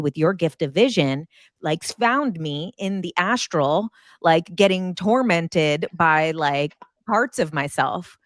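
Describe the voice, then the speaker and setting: A woman in her thirties telling a personal story in casual chat, animated and acting out her own past reactions. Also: dry recording, clean studio sound. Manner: animated, acts out her own past lines in high excited bursts.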